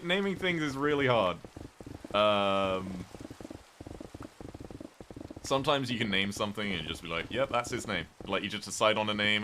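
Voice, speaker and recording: British man, very low voice, streamer, rambling casual chat, soft rain noise behind. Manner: rambling, chatty, reads viewer messages aloud.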